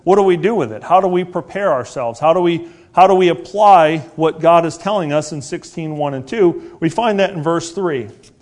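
A man in his forties preaching a sermon, earnest and repetitive, asking rhetorical questions and slowing down to stress key words. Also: fairly high pitch, a little mellow.

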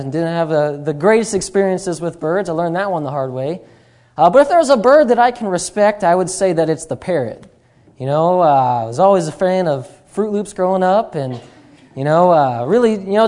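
A man's voice: sits high, a little mellow. A man preaching at an evening church service, rambling with many fillers and humorous asides. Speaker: guest preacher.

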